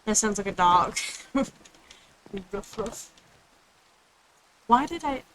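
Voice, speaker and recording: Chatty bright-voiced woman streamer. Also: medium pitch, expressive, moderate pace, slight background noise, rough recording. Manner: chatty, rambling, reads chat aloud. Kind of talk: casual gameplay chat. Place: home room with others nearby.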